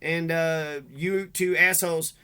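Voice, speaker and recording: A man's voice: a little high, fairly even intonation, takes it slowly, pushed and bright, smooth. A man delivering a rambling, bitter, profane monologue to the camera. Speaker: vlogger.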